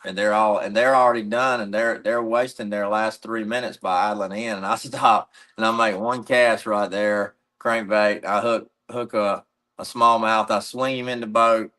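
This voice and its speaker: A man's voice: on the low side, steady tone, normal speed, sharp tone. A middle-aged man from North Carolina, a pro angler, telling a long story in a casual, rambling way.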